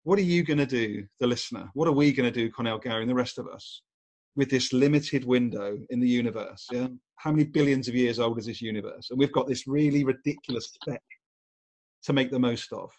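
A man's voice: mid-range voice, a little fast, a little mellow, highs cut off. A man hosting a podcast interview, enthusiastic and restarting his sentences as he asks questions. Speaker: podcast host. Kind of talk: casual interview chat.

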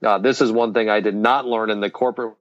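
A man's voice: on the low side, steady tone, quick pace. Rambling man with a dull-sounding mic. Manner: rambling, many fillers and restarts. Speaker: podcast co-host. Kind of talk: casual business chat.

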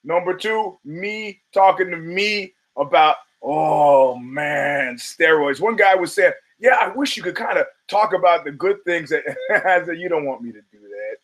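A man's voice: fairly high pitch, measured pace, a bit bright, low-quality recording. A man hosting his own podcast, talking bluntly with profanity and laughing asides. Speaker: podcast host. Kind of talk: casual podcast monologue. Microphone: camera and studio mic.

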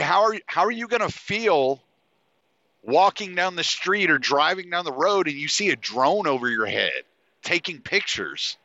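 A man's voice: a little high, sharp tone, no room sound, dull audio. Rambling, profane man on a podcast. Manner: rambling, profane, with frequent fillers and restarts. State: congested, sniffly. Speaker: podcast host. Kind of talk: casual monologue.

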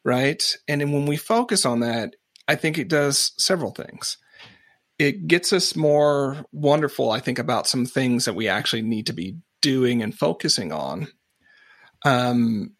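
A man hosting a podcast, chatting in an animated way and acting out quoted remarks. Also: mid-range voice, dry recording, clean studio sound. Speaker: podcast host. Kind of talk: conversational podcast interview.

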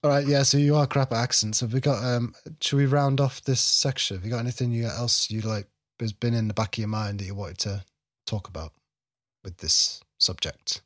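A man's voice: mid-range voice, a little fast. A man co-hosting a podcast, teasing his partner and steering the casual chat. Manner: teasing, dry, leads the segments. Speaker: podcast co-host.

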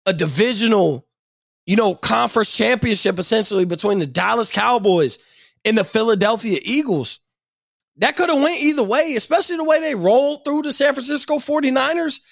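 Angry high-voiced man ranting about football. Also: animated, fairly quick, vocal fry, no room sound, clean studio sound. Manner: angry, profane, shouting at times. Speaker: sports podcast host. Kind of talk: profane sports rant.

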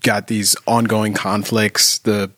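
A man co-hosting a podcast, talking politics in a halting, reflective way with many ums. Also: lowish voice, little pitch movement, fairly bright tone, no room sound, studio quality. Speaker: podcast co-host. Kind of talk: casual political chat.

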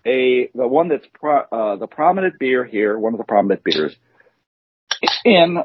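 A man's voice: mid-range voice, sing-song, normal speed, breathy edge. A man co-hosting a podcast, talking in a rambling, hesitant way with many fillers. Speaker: podcast co-host. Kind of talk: casual banter. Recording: tinny phone-like sound.

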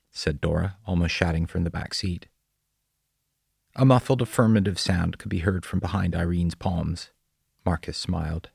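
A man narrating a serialized story in a measured, steady way. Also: deep voice, vocal fry, slightly rough, dry recording, clean studio sound. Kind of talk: scripted narration.

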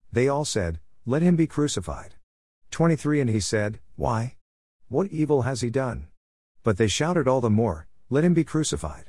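A man reading scripture aloud in a measured way, announcing each verse number as he goes. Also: mid-range voice, darkish tone, dry recording, studio quality. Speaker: Bible reader.

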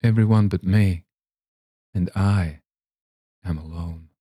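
A man reads aloud as an ancient, lonely lady from an old storybook, speaking low and soft in a drear, far-off manner. The voice is dark and dry, and it drifts as though she is talking half to herself. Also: takes it slowly, breathy edge, dry recording, heavily acted. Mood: dreary. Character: frail, lonely ancient lady who thinks she lives forever.

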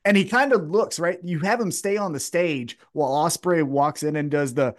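A man with a slightly raised pitch talks through wrestling storylines in casual podcast chat. He swears freely and slips into the wrestlers' voices to act out their lines. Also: moderate pace. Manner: animated, profane, acts out wrestlers' lines. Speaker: podcast co-host.

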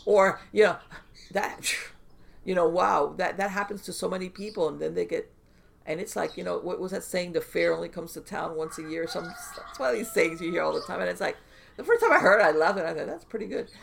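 Animated gravelly-voiced woman rambling. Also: lowish voice, a little fast. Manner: animated, rambling, full of fillers and restarts. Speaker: podcast guest. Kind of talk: casual conversational storytelling.

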